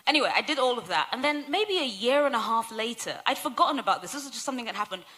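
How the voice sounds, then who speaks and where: A woman's voice: fairly high pitch, expressive, rapid-fire, bright, forceful tone. A woman on a symposium panel, telling stories in a chatty way, correcting herself and laughing often. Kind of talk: conversational panel discussion.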